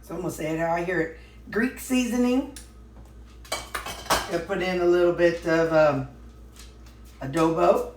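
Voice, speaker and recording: A woman's voice: on the low side, little pitch movement, a little fast, a little mellow, slight background noise. A woman vlogging casually from her home kitchen, rambling along with plenty of fillers and restarts. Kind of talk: casual chatty diet vlog. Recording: echoey kitchen with dish clatter.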